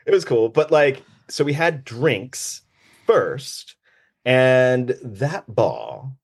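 A man spins comic stories with a voice that leaps up and down in pitch, keeping the chat playful. His pitch sits in the middle for a man, and his jokes land in quick, animated bursts. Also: creaky, breathy edge. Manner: animated, jokey storyteller. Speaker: comedian guest. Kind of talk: casual podcast chat.

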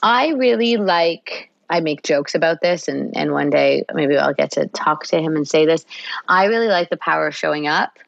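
A woman's voice: low-pitched, expressive, moderate pace, creaky, no room sound, highs cut off. A woman psychologist guest in a podcast interview, explaining at length and acting out little parent-child exchanges. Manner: warm explanatory, acts out parent-child dialogue.

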